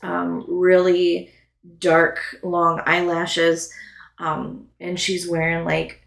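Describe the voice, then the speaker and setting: Slow-talking woman game master. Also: lowish voice, monotone, gravelly, fairly bright tone, roomy sound. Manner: rambling, full of fillers. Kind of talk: narrating a tabletop game.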